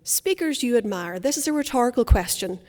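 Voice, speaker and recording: A woman speaking coach giving a conference workshop, enunciating crisply with theatrical emphasis. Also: a little high, animated, a little fast, a little mellow. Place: conference hall. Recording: long hall reverb.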